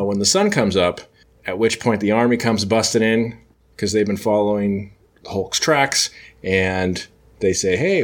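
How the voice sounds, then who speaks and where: A low-voiced man hosting a podcast retells a comic book plot in casual chat. He rambles, trails off and corrects himself, leaning on fillers. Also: a bit bright. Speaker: podcast host.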